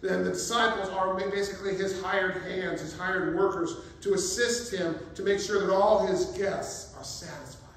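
A man preaching a sermon as pastor, telling the story in a lively way with humorous asides. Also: high-pitched, a little hiss or hum. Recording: very echoey, distant mic, faint ambience.

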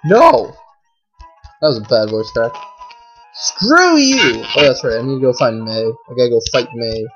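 Excitable low-voiced woman gaming. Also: moderate pace, lo-fi sound, music in the background. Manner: swings from low mumbling to shrieking outbursts; chatty, frequent fillers. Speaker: gameplay commentator. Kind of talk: casual let's play commentary.

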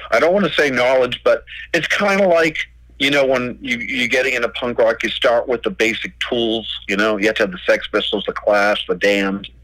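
A man's voice: medium pitch, lively intonation, moderate pace, a bit bright, no room sound, low-quality recording. A man, a record label owner, telling stories as a podcast guest, swearing freely and acting out old conversations. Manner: swears freely, retells dialogue with "I go". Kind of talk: storytelling in a podcast interview.

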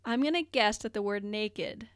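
Female podcast co-host, mid pitch, relaxed and chatty, dry close-mic sound. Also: normal speed, smooth, no echo. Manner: thoughtful, conversational, lots of fillers. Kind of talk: casual podcast discussion.

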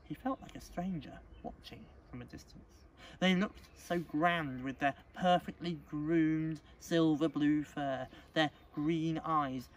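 A male teacher reading a storybook aloud at a school assembly, expressive and dramatic. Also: on the high side. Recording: distant mic, faint background noise.

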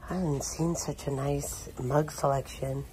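A woman's voice: low voice, fairly even intonation, measured pace, dark tone, slight background noise. A woman narrating a casual shopping walkthrough, chatting as she reads out prices and product labels. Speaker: shopping vlogger. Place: inside a large retail store.

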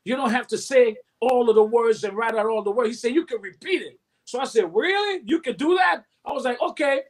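A man's voice: extremely high pitch, a little fast. A man in his fifties, a recording artist telling his story in an interview, acting out other people's lines as he goes. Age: 50s. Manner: animated storyteller who acts out quotes and hums beats.

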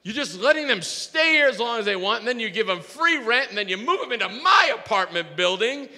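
A high, piercing, indignant middle-aged neighbor, put on by a man rants at full volume, sharp and tense. His voice rings back from a long church-hall reverb. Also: big pitch swings, moderate pace, breathy edge, full character voice. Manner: indignant, ranting, shouting. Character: irate middle-aged male neighbor ranting about homeless people.

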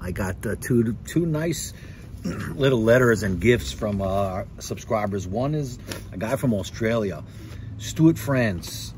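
A man's voice: fairly low pitch, expressive, slow, darkish tone, a little hiss or hum. A man rambling in a friendly, chatty way as a motorcycle vlogger, talking casually from his home garage. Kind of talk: casual vlog chat.

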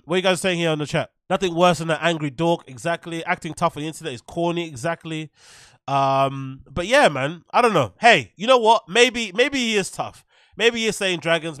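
Streamer dude reacting to clips, sarcastic and sweary, higher voice, dry close sound. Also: male voice, fairly bright tone, no room sound. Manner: sarcastic, swearing, laughing often.

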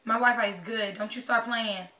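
A young woman, talking anxiously and excitedly to her camera in a casual vlog. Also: a little high, normal speed. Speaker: vlogger. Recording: echoey room, voice a bit far from mic.

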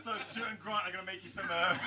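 A man hosting a rum tasting in a busy bar, joking, laughing often and bantering with the audience. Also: high-pitched. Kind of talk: jokey live presentation. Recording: noisy bar crowd, mic at a distance.

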